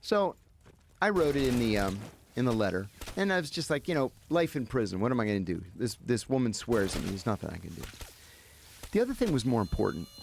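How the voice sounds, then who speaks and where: Gravelly man telling a lively story. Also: mid-range voice, a little fast, a little hiss or hum. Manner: animated, acts out the people he quotes. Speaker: guest. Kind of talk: storytelling in an interview.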